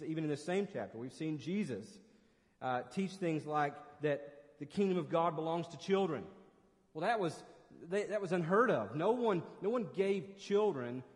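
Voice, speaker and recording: A man preaching to his congregation with earnest emphasis, repeating and restarting phrases as he builds a point. His voice sits a little higher than most men's, and a long church-hall reverb trails behind each line. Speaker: pastor. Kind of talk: sermon.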